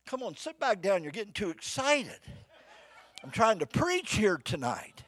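An older man preaches to his congregation in a folksy, fervent way, his fairly high voice leaping between shouts and near whispers. The pitch swings widely. The sound is close and dry, with little room echo. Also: sing-song, normal speed. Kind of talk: sermon. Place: church before a live congregation.

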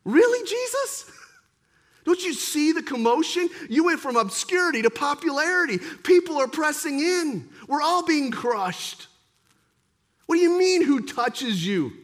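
A man's voice: very high voice, big pitch swings, a little slow, fairly bright tone, pitched above the performer's own voice, exaggerated voice. A man voicing the disciple Peter as an incredulous adult man, pleading with a string of questions. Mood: exasperated.

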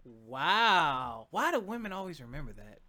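A man's voice: a little high, big pitch swings, measured pace, a crowd in the background. A man hosting a casual chat, asking questions in a loose, teasing way and laughing often. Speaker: podcast host.

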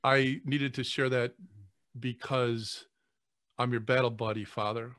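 A man, a priest, speaking earnestly on a podcast, often halting and repeating words as he chokes back tears. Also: medium pitch, fairly even intonation, fairly bright tone, no room sound, studio quality. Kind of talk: emotional podcast conversation.

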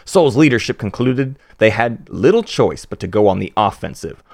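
A man putting on an American Southern accent to voice a male spokesman of a rebel human federation, reading game lore aloud in a measured storytelling delivery. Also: sits low, gravelly, no room sound, clean studio sound. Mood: ominous.

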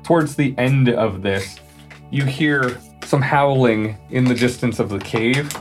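A man's voice: medium pitch, unhurried, soft background music. A man running a tabletop game as game master, describing the scene in a loose, casual way with fillers and restarts. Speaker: game master and podcast host.

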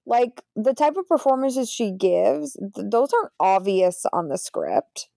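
American woman, actor guest, gravelly voice, lots of fillers, dry sound. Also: medium pitch, big pitch swings, unhurried, dark tone, no echo. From United States. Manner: rambling, many fillers. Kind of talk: casual chat.

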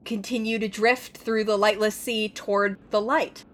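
A woman's voice: medium pitch, normal speed. Lady gm narrating a tabletop game, laid back, lots of likes and ums. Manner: relaxed, loose narration with fillers. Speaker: game master.

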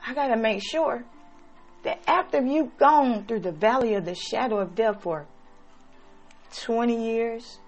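A woman preaching a sermon, slow and dramatic, swinging between loud emphatic lines and soft, hushed ones. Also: on the high side, soft background music.

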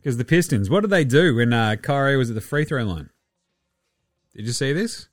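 A man's voice: medium pitch, animated, normal speed, no echo. Profane Australian man, dry close sound. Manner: profane, rambling, chuckling asides. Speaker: podcast host. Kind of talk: casual basketball chat.

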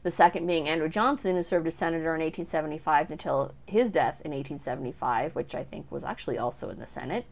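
A woman's voice: deep voice, quick pace, vocal fry, few pauses. A young woman casually talking through a book she has read, chatty and full of asides. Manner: chatty, with frequent fillers and asides. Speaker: book reviewer. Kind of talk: casual book review talk.

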